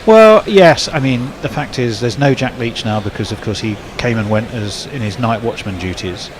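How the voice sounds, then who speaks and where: A man's voice: medium pitch, expressive, moderate pace. Chatty male cricket commentator, noisy background. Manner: chatty, checks himself aloud. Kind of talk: ball-by-ball radio commentary.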